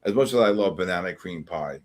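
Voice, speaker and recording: Animated middle-aged man chatting. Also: low voice, fairly quick. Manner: animated, exasperated, joking. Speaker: livestream host. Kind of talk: casual chat reading live comments.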